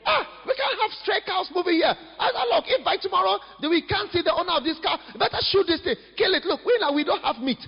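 A preacher, voicing an agitated man who shouts about a stray cow. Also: extremely high pitch, quick pace, vocal fry, few pauses, pitched above the performer's own voice, full character voice. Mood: alarmed. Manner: shouting, excited. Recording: echoey hall, dull lo-fi sound.

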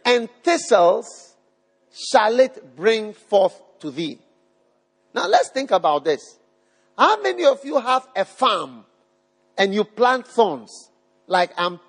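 Here the preacher's voice is high-pitched, creaky and breathy-edged. He delivers an emphatic sermon to a live congregation in a church hall, repeating phrases and questioning the crowd, all under long hall reverb.

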